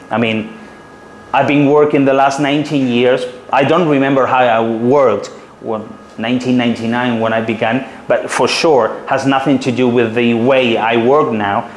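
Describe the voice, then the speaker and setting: A man's voice: mid-range voice, fairly even intonation, moderate pace. A man in his forties with a Spanish accent, a city guide trainer explaining his craft to a workshop in a confident way, with a few hesitant fillers. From Spain. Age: 40s. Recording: roomy hall with faint room noise.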